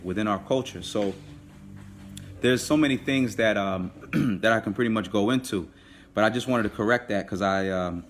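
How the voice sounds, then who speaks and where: A man teaching a live online language class, patiently repeating and drilling words slowly. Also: on the low side, a little hiss or hum.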